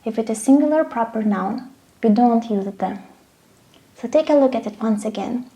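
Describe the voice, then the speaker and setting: A woman teaches a grammar lesson. Her voice sits a little high but sounds soft and mellow. She explains step by step and keeps checking that the students follow. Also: moderate pace. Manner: patient, checks in with frequent "okay?" and "right?". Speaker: English teacher.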